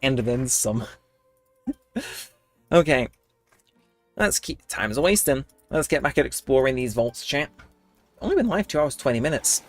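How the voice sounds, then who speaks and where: A man's voice: mid-range voice, sing-song, a little slow, pauses often, dry recording, soft background music. A young man with a cold coming on, livestreaming a game and rambling casually to his chat while laughing often. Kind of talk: casual live-stream chat while gaming.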